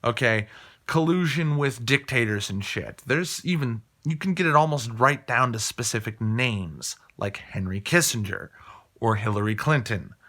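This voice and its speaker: A man's voice: medium pitch, pushed and bright. Heated, swearing man on a rant. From Colorado, USA. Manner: heated, swearing, repeats phrases for emphasis. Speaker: political commentator. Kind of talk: profane opinion rant.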